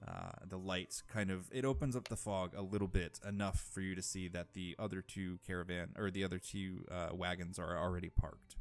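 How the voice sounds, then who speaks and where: A man narrating as game master of a tabletop game, unhurried and full of small fillers. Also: low-pitched, fairly even intonation.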